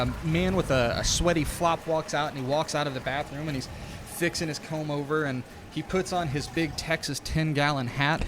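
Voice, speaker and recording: A man's voice: on the high side, background noise. A man narrating a tabletop game as game master, in a casual, filler-heavy way.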